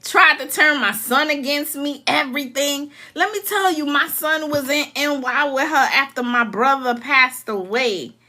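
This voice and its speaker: A middle-aged woman from New York, telling family stories in a casual, animated way and acting out what her relatives said. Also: high-pitched, unhurried, hardly any pauses. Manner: animated, laughing, acts out quoted relatives. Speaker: storyteller. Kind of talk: casual storytime.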